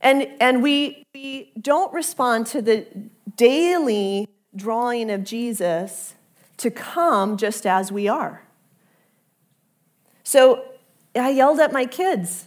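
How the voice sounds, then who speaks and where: A woman pastor preaching a sermon in a conversational, earnest way, dropping softly to a near-whisper when she repeats the invitation. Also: a little high, lively intonation, takes it slowly.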